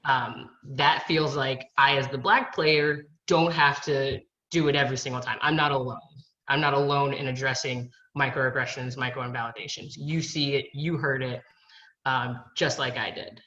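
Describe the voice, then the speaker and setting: Woman coach, bright forceful tone, earnest and explanatory; dull lo-fi video call sound. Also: very deep voice, fairly even intonation, normal speed. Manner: earnest, explains with scenarios and rhetorical questions. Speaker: college field hockey coach. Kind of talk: panel discussion.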